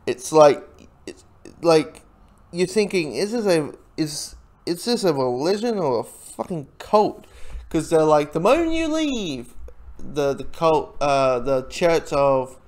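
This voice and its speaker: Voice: medium pitch, sing-song, slow pace, a little mellow. Rambling casual TV reviewer. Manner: rambling, many restarts, frequent laughs, swears. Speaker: TV episode reviewer.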